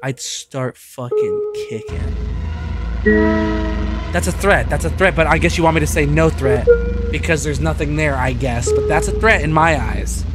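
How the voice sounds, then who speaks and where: A young man streaming a game, joking and cursing, reacting with sudden loud outbursts. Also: a little high, a little fast, over loud music. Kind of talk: gameplay commentary.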